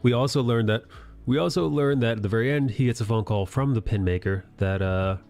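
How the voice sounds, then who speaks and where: A man's voice: medium pitch, a little fast, a little mellow, faint music behind. A man hosting an anime review, recapping episodes in a casual, rambling, sometimes profane way. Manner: loose, rambling, profane retelling.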